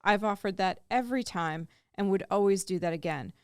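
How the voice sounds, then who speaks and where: A woman's voice: mid-range voice, fairly quick, a little mellow, smooth, no room sound. A woman co-hosting a radio show, reading listener letters aloud in an upbeat, amused way into a studio microphone. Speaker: radio co-host.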